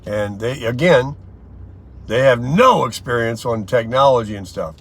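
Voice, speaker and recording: An older man vlogging from inside a car, telling stories in a rambling, chatty way with lots of pauses and fillers. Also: mid-range voice, fairly bright tone. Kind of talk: casual daily vlog chat.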